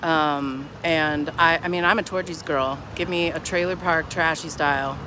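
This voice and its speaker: A woman livestreams on her phone at a street protest, casually sarcastic and mocking in her chatter. Her low, sharp voice stays fairly even at a normal pace, and the poor audio picks up city street noise and traffic going by.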